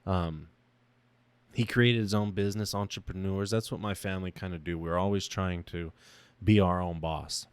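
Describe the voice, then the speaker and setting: A man's voice: low voice, steady tone, normal speed, clean tone, no echo. A young man hosting his own podcast, talking about himself in a raw, emotional monologue that halts and restarts. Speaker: podcast host. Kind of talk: personal reflective monologue.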